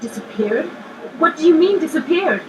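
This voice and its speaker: A woman's voice: high-pitched, animated, normal speed, background noise. An actress playing a busy young mother shopping with her family in a crowded mall. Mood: alarmed. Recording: distant roomy game audio with music.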